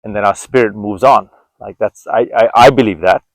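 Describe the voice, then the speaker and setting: A man's voice: lowish voice, moderate pace, dry recording, rough recording. A man in his forties giving an earnest, reflective walk-and-talk monologue outdoors, often restarting his sentences. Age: 40s. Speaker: vlogger.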